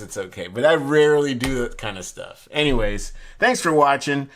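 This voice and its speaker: A man's voice: medium pitch, animated, unhurried, fairly bright tone, a little hiss or hum. A man casually reviewing a deck of playing cards and explaining a trick, rambling with frequent restarts and bursts of enthusiasm.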